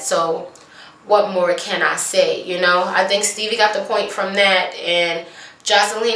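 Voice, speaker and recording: A woman casually recapping a TV episode, sassy and animated, putting on mocking voices for the people she quotes. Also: mid-range voice, far from the mic. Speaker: vlogger recapping a TV show. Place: small bathroom at home. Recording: echoey bathroom, voice off-mic.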